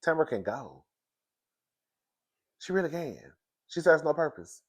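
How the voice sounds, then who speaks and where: A man's voice: a little high, big pitch swings, unhurried. A man with a stuffy nose from crying, recapping a reality show in casual chat and calling his listeners "girl.". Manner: chatty, talks to listeners as "girl".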